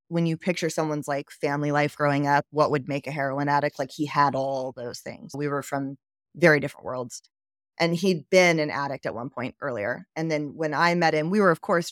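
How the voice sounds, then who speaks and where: A woman's voice: low-pitched, no room sound, clean studio sound. A woman from the southern United States, a podcast guest, telling her life story candidly and acting out the dialogue as she goes. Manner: candid, animated retelling with quoted dialogue and laughs. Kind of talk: personal storytelling interview.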